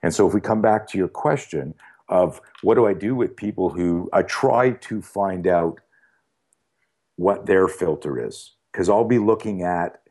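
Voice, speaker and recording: Deep-voiced man telling a story. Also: a little slow. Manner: animated storyteller, many fillers and quoted dialogue. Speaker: podcast guest. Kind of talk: casual storytelling interview.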